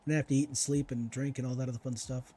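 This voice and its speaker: A male gaming streamer speaks in a mid-range, level-toned voice that's warm and husky, racing along. His let's-play commentary is casual and chatty, aimed at himself and at the enemies he teases while playing.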